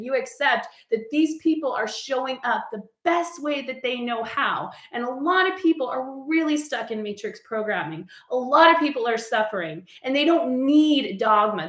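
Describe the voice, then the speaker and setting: A woman's voice: fairly high pitch, lively intonation, moderate pace, hardly any pauses. A woman giving a heartfelt spiritual message in a casual, earnest way, peppered with "like". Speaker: spiritual coach. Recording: echoey room.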